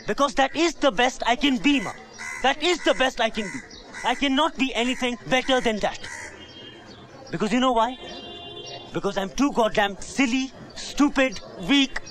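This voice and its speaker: A worn-out son yelling at his mom, bitter, goes over the same stuff again and again, bright high voice. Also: animated, normal speed, faint music behind. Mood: despairing. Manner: bitter, ranting, repeating himself. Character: bitter young adult son, self-loathing failure. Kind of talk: film drama dialogue.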